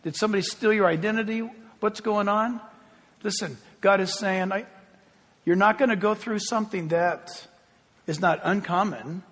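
A man preaching a sermon as pastor, emphatic and swinging from quiet, low asides to loud, ringing appeals. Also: normal speed. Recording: long hall reverb.

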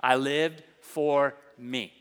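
A middle-aged man preaching as a pastor, telling stories with emphasis and reading scripture slowly and deliberately. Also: mid-range voice, fairly even intonation, smooth, long reverb tail. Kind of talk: sermon.

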